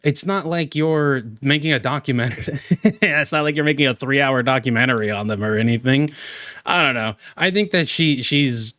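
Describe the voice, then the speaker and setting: A man's voice: medium pitch, normal speed, sharp tone, dry recording. A man giving exasperated reaction commentary on a streamer, ranting with many restarts.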